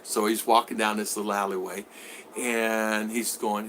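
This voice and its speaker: A man's voice: on the low side, level tone, moderate pace, fairly bright tone, a little hiss or hum. A man vlogger chatting casually on a live stream, telling rambling stories and acting out the people in them. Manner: rambling storyteller who acts out voices.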